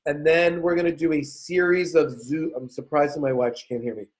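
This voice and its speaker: A man's voice: on the high side, fairly even intonation, a little fast, low-quality recording. A man co-hosting a podcast in a casual chat, joking as he tells a story. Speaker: podcast co-host.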